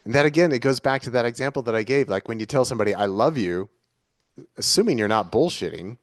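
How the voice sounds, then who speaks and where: A man's voice: mid-range voice, expressive, very fast, no echo, clean studio sound. A man speaking as an interview guest, talking in an earnest, searching way and restating his ideas in several forms. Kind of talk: reflective conversational interview.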